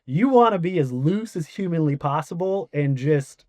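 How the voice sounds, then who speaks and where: Animated man telling a story, dry sound. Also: fairly high pitch, moderate pace, dry recording. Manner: animated retelling with quoted voices and swearing. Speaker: podcast guest. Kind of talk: casual storytelling.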